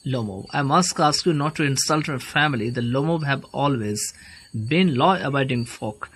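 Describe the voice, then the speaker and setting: A man's voice: mid-range voice, normal speed, fairly bright tone, breathy edge. Casting: man reading the part of nervous young landowner, hypochondriac, indignant, plain mid voice. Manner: complaining, indignant. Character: anxious young male landowner, hypochondriac and touchy. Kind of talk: play read aloud.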